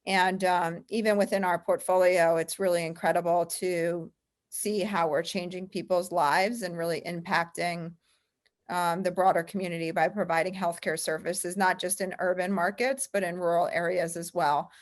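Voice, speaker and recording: A woman's voice: lowish voice, flat delivery, normal speed. Chatty woman telling a story. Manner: chatty, frequent "like" and "um" fillers. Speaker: guest, investment firm founder. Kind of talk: casual interview storytelling.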